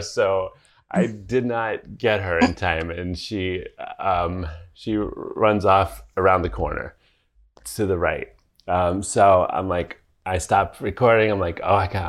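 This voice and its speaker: A man with a somewhat low voice tells a story in relaxed conversation. He rambles, circles back with fillers, and laughs through the telling. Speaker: podcast co-host. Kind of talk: casual storytelling chat.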